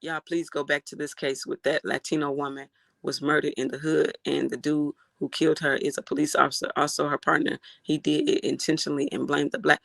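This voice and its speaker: A livestream host reacting to a case and reading out chat comments, animated and outraged, swearing freely. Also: mid-range voice, brisk, vocal fry, no room sound.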